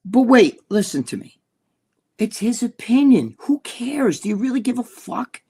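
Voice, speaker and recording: A man's voice: very high voice, very animated, unhurried, dark tone, husky. A man with a New Jersey accent, co-hosting a casual chat, blunt and profane, rambling with lots of fillers. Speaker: bodybuilding personality, co-host.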